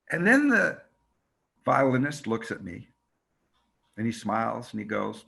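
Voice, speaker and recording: Animated husky man telling a story. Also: mid-range voice. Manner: fast, expressive, acts out quotes. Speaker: radio reporter and documentary maker teaching a workshop. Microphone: video call.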